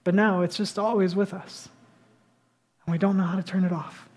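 High-voiced pastor preaching casually. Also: male voice, moderate pace. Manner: animated, conversational preaching, drops to a hush for emphasis. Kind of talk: sermon.

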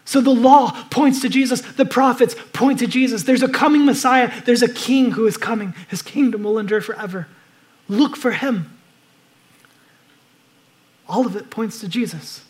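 A man preaching a sermon, moving between loud urgent exhortation and hushed, reflective passages. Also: extremely high pitch, moderate pace. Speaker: pastor.

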